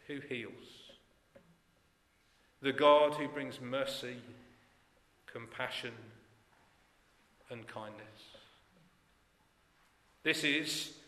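Earnest preacher in an echoey hall. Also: male voice, mid-range voice, slow pace, long pauses. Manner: earnest, emphatic, trailing off softly at phrase ends. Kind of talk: sermon. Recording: echoey church hall with long reverb.

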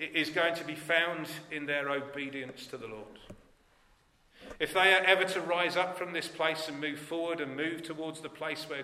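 A man preaching a sermon in an earnest, emphatic way, letting his phrases fall away softly at the ends. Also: fairly high pitch. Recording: echoey church hall with long reverb.

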